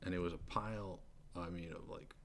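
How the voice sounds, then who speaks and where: Gravelly low-voiced New man. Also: steady tone, fairly quick. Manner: rambling, many fillers and restarts. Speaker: storyteller recounting his sentencing. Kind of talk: casual spoken testimony. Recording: faint background noise.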